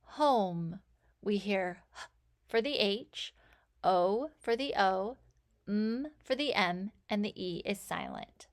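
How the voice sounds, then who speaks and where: A woman teaching a phonics lesson, sounding out letters and words with slow, clear enunciation. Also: mid-range voice, huge pitch swings. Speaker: reading teacher.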